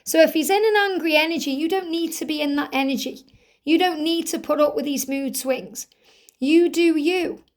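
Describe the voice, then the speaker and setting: A woman with a slightly croaky throat, giving an earnest spiritual card reading and relaying messages in the first person. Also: high-pitched, moderate pace. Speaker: tarot reader.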